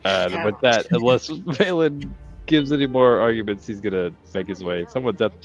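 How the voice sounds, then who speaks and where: A man's voice: mid-range voice, expressive, faint music behind. Guy player, teasing, muffled lo-fi mic, voice swings a lot. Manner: teasing, quick asides. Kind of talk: casual tabletop play. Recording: dull lo-fi mic.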